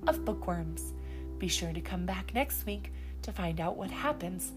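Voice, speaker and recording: A woman's voice: fairly low pitch, unhurried, music in the background. A woman expressively reading a children's storybook aloud as the storyteller. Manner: expressive, lively.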